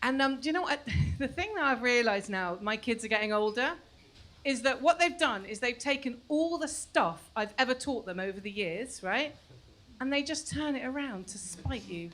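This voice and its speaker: A woman in her forties doing a stand-up comedy set on a club stage, chatty and self-mocking, sometimes mimicking her kids in shrill voices. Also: expressive, normal speed, a bit bright. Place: comedy club stage before a live audience.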